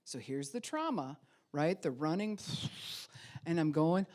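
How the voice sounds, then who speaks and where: A middle-aged woman pastor delivering a sermon as a personal story. She is animated and acts out the voices she remembers as she tells it. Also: low voice, measured pace.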